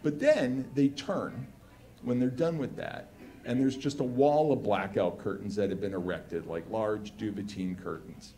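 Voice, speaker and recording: A man from Los Angeles telling a comedic story live on stage, animated and excitable, peppering his talk with "like". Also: fairly low pitch, a little slow. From Los Angeles, United States. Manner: animated, excitable, heavy use of "like".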